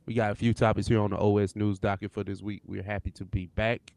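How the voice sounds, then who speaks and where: A man's voice: lowish voice, little pitch movement, fast talker, gravelly, darkish tone, dry recording. A man hosting a podcast in casual chat, laid-back and laughing often. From St. Louis area. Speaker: podcast host.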